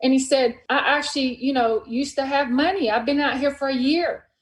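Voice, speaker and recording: A woman with a high voice hosts a casual podcast conversation. She retells a story with animation, slipping into the lines of the people in it. The room around her is echoey. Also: normal speed. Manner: animated retelling, acts out dialogue in quotes. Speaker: podcast host.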